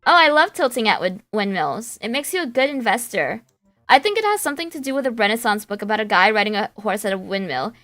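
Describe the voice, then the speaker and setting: A woman's voice: a little high, big pitch swings, quick pace, sharp tone, dry recording, soft background music. A young woman streaming a game, chatting playfully and reading the game's dialogue aloud with a light valley girl lilt.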